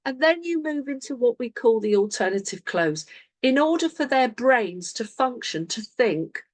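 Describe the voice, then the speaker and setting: A woman's voice: fairly high pitch, normal speed, dry recording. A woman coaching her sales team on a video call, acting out sample conversations as she goes. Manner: animated, acts out sample conversations. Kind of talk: online team coaching session.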